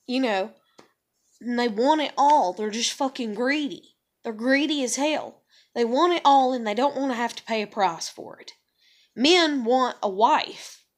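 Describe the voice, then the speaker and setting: Profane young woman ranting to camera. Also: a little high. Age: young adult. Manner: profane, ranting, frequent sighs. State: upset and bitter. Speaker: vlogger. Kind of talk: emotional monologue to camera.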